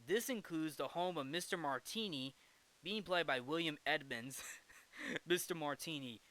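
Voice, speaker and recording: Bright, crisp-voiced man recapping a film. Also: fairly high pitch, measured pace. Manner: rambling, restarts and self-corrections; jokey asides. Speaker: movie review host.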